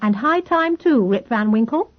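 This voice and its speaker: A woman reading an audiobook, voicing the narrator's breezy, teasing young sister with a raised, bright tone. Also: medium pitch, lively intonation, normal speed, phone-quality sound, close to an everyday voice. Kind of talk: audiobook character voice.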